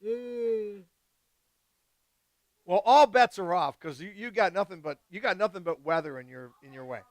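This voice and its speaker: A man hosting a live wine tasting, chatting casually and excitedly with guests and swearing freely. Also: sits high, normal speed, no echo. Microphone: live stream mic.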